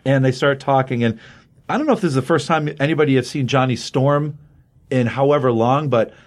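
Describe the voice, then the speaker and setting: A man in casual podcast chat, recapping a comic book with lively energy. He keeps slipping into quick put-on voices for the characters, pushing his pitch up for each quoted line. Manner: acts out characters' lines with raised pitch.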